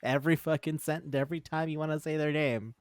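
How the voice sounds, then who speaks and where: Man co-host, casual manga chat, animated and profane, acts out lines, dry booth sound. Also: on the high side, quick pace, no echo. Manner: excitable, swears freely, acts out characters' lines. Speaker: podcast co-host.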